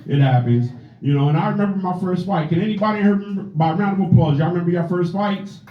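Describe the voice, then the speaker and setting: A man's voice: high-pitched, fast talker, background noise. A man in his forties doing a stand-up comedy set on a club stage, telling stories in a loose, profane way. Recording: echoey club, dull sound, loud crowd. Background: audience laughter.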